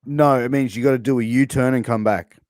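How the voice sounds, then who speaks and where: An Australian man runs a loose, joking interview, tossing out slangy catchphrases and explaining them. His voice sits at a middle pitch. The sound is dry and close. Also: fairly even intonation, fairly quick, a little mellow, no room sound. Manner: playful, drops into slangy catchphrases. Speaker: interview host. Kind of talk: casual interview, quizzing on slang.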